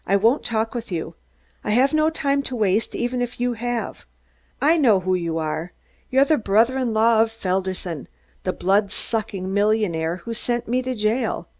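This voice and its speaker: A woman reading an audiobook, voicing a stunted, excitable man who rants in shrill, staccato bursts. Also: a little slow, close to an everyday voice. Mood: furious. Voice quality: shrill, squeaky. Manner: screaming, staccato, gloating.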